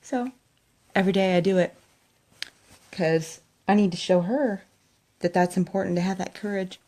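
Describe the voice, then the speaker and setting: A middle-aged woman, a makeup vlogger, chats emotionally to the camera in front of her while doing her makeup and laughs often. Her voice is mid-range and dark in tone, at normal speed.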